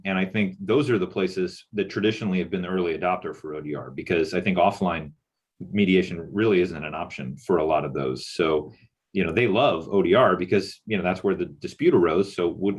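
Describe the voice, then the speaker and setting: A man's voice: low-pitched, breathy edge. A middle-aged man from Texas presenting in a panel discussion over a video call, musing aloud with lots of fillers. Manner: musing, loose with many fillers.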